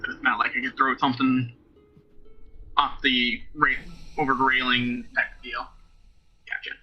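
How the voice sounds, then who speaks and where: A man's voice: mid-range voice, flat delivery, moderate pace, breathy edge, faint music behind. A man playing a tabletop game, thinking aloud and asking questions with many fillers. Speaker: player. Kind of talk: casual tabletop game play. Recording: dull lo-fi audio.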